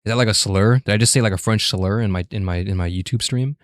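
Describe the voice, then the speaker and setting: A man's voice: lowish voice, fast talker, no echo, clean studio sound. A man streaming live, reading a game story and chatting casually with his viewers, joking and swearing as he repeats words aloud.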